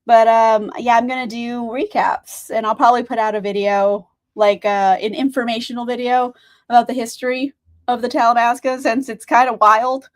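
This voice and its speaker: Casting: talkative young woman, slightly high voice, rambling livestream chat full of fillers and laughs. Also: level tone, normal speed. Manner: chatty, rambling, laughs often, says "like" a lot. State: tired. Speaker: book streamer.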